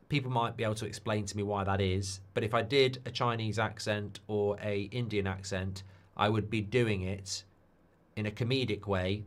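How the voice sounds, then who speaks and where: Animated chatty man ranting on a stream. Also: on the low side. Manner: chatty and opinionated, full of tag questions like "haven't they?"; gets heated and ranty when making a point. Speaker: host of a live football watchalong stream. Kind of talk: casual live-stream chat reacting to viewer messages.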